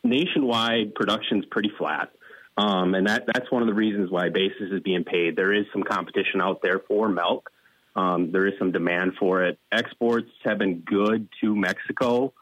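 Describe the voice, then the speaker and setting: A man guesting on a farm radio interview as a dairy lending specialist, talking in a measured, businesslike way. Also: fairly low pitch, steady tone, fairly bright tone, no echo, low-quality recording. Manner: plain-spoken, measured, businesslike.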